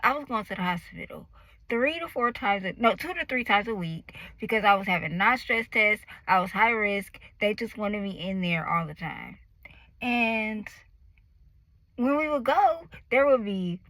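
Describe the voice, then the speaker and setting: Animated woman telling her story. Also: medium pitch, dry recording, poor audio. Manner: animated, acts out her own screams and quoted voices. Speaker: vlogger. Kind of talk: personal storytelling.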